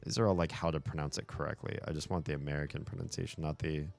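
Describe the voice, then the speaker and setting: Male streamer, deep low voice, loose and chatty, quick to laugh and curse; light music under him. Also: gravelly. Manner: animated, chatty, frequent laughter and swearing. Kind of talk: casual livestream chat.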